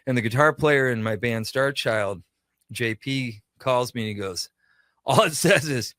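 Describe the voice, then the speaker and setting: A man guesting on a radio talk show, spinning a long anecdote and playing out each exchange of dialogue. His voice sits at an ordinary middle pitch. It is recorded close and dry, with no room sound. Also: measured pace, a bit bright, dry recording. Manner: chatty anecdotal storytelling, acts out quoted dialogue. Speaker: guest, pop culture shop owner. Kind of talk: radio interview storytelling.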